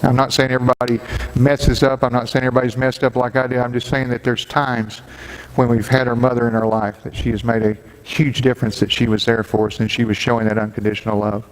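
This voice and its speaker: A middle-aged man, a pastor giving a Mother's Day sermon and telling a personal story with gentle humor. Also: mid-range voice, little pitch movement, fast. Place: church sanctuary. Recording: long hall reverb, faint background noise.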